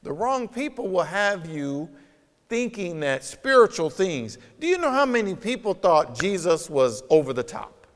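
A man's voice: high-pitched, sing-song, unhurried. A man preaching a sermon as pastor, emphatic and conversational, with many rhetorical questions, recorded in a church sanctuary. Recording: long reverb of a church hall.

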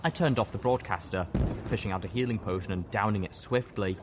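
A low-voiced man narrates a story with steady intensity. Loud artillery and engine sound effects fill the background under his reading. The delivery is dramatic, first-person audiobook storytelling. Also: brisk. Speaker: audiobook reader. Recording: noisy with battle sound effects.

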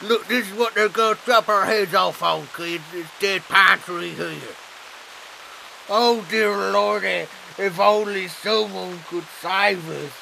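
A jittery hillbilly leader, voiced by a man, with a high, bright, creaky voice. He drags every line out with folksy exclamations in a homemade comedy musical. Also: takes it slowly, a little hiss or hum, exaggerated voice, poor audio. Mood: dramatic. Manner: folksy drawl, exclaims "dear Lordy", theatrical.

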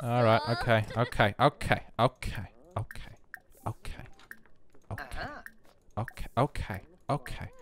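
An excitable man, rambling through casual gameplay commentary and bursting into shouts. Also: medium pitch, unhurried, long pauses, crowd noise. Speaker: game streamer.

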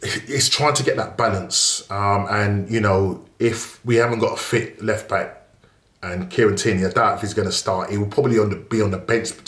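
A man talks through a football match preview in a loose, rambling monologue full of fillers. His voice sits on the low side. The room around him is echoey. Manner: chatty and rambling, many fillers and restarts. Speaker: football channel host.

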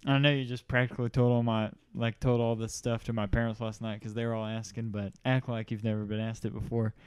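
A man's voice: mid-range voice, flat delivery, fast talker, smooth, no echo. A young man hosting a casual interview with a friend, chatty and jokey, laughing often. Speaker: host.

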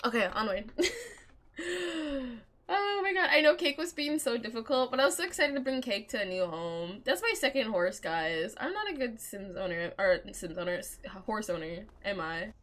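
A woman giving casual let's-play commentary while gaming. She is chatty and excitable, and talks back to the characters on screen. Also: a little high, moderate pace. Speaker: gamer playing a role-playing game.

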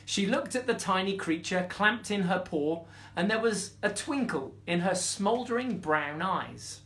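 A man reading a bedtime story aloud in an expressive, playful way. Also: sits high, a little slow.

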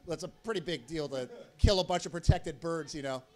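A man's voice: on the high side, brisk, a little mellow. A man telling a rambling, profane story on stage as a stand-up comedian.

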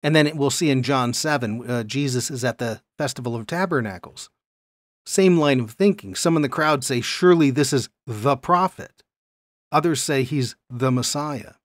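A man's voice: medium pitch, moderate pace, dry recording. Man, Bible teacher, lecture style, stresses key words, dry recording. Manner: explanatory, stresses key words, reads verses aloud.

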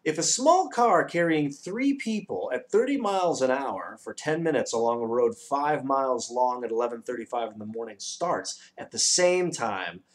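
A man voicing a pedantic, number-obsessed male dodecahedron in a storybook reading, lecturing precisely and bursting into shouts. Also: medium pitch, animated, moderate pace, few pauses, close to an everyday voice. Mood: excitable, lecturing.

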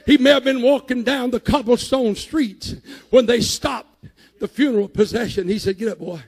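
A man preaching a sermon in a church, shouting at his peaks and dropping low in between. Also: moderate pace, breathy edge, long reverb tail. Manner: rising to shouted climaxes, then dropping low. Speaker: pastor. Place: church sanctuary.

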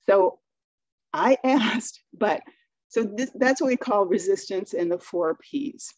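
A middle-aged woman from Maine gives a talk, telling stories casually and acting out dialogue. Her voice is mellow and warm. The sound is dry and a little dull. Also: medium pitch, measured pace, no echo. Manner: chatty storytelling, acting out dialogue. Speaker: speaker. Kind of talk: webinar talk.

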